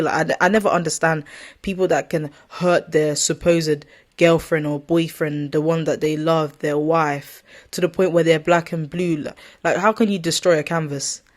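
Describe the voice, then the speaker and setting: A woman ranting casually to camera as a vlogger, rambling and correcting herself often in an exasperated way. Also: deep voice.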